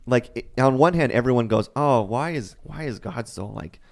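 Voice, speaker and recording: Man, podcast co-host, casual chat, animated storytelling, mid pitch. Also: moderate pace, gravelly. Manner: animated, acts out quotes, laughs often.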